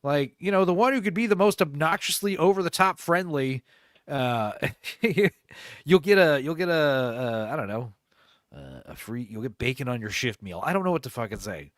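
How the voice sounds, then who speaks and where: Animated, swearing podcast co-host man. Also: mid-range voice, moderate pace, no room sound, studio quality. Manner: animated, swears freely, jumps into mock voices. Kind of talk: casual chat.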